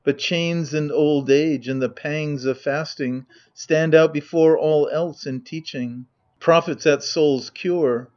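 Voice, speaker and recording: A man reading the lines of a gloating usurper in a proud, measured declaiming manner. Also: a little high, steady tone, a little mellow, muffled recording. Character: gloating usurper, avenger of his father.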